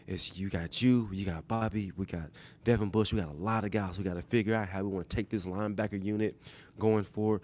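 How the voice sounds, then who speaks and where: A man imitating an older male head football coach, speaking in an earnest, measured, reassuring way during a podcast bit. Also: lowish voice, fairly even intonation, darkish tone, lightly acted.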